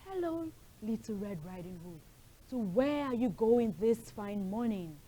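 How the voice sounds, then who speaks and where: A woman voicing a sly male wolf in a low, gruff voice, quiet and smooth-talking. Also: animated, measured pace, poor audio.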